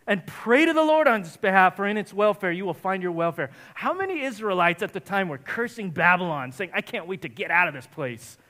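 A man preaching a sermon as pastor, speaking emphatically and often rising to forceful exhortation. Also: high voice. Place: church in Santa Barbara area.

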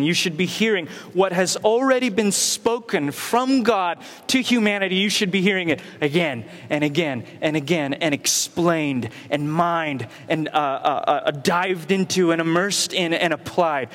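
A man's voice: sits high, a bit bright, in a large hall. A man preaching a sermon as pastor, with emphatic rhetorical questions and repetition. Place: church sanctuary.

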